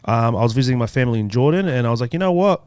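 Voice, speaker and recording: A man's voice: mid-range voice, rapid-fire, darkish tone, clear, resonant tone, dry recording. A man, a podcast co-host, telling a story in casual chat, blunt and swearing freely. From Australia. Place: podcast studio.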